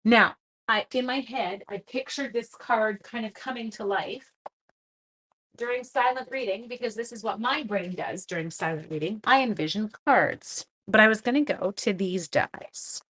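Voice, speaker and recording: A middle-aged woman hosts a casual craft live stream in a chatty, easygoing way. Her voice sits at a medium pitch. She talks viewers through each step and greets them by name as she goes. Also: moderate pace, fairly bright tone. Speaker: stamping demonstrator and live stream host.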